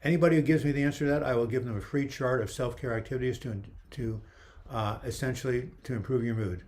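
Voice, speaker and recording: A man's voice: medium pitch, fast talker, a little mellow. Chatty man hosting a live video chat. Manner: chatty, reads viewer comments aloud, jokes around. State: losing his voice. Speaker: livestream host answering viewer questions. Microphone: webcam livestream.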